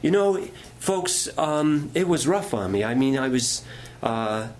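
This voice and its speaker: A man's voice: mid-range voice, expressive, slow pace, a little mellow. A middle-aged male pastor preaching a sermon, telling stories in a folksy way and asking the congregation questions.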